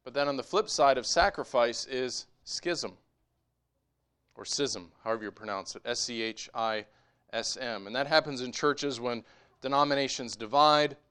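A man preaching a sermon as pastor, moving between quiet conversational asides and raised, emphatic exhortation. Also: mid-range voice, smooth.

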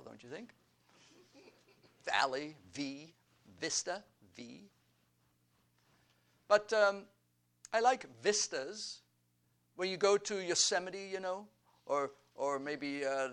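Slow, emphatic preaching man. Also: a little high, fairly bright tone, smooth. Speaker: pastor. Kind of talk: sermon.

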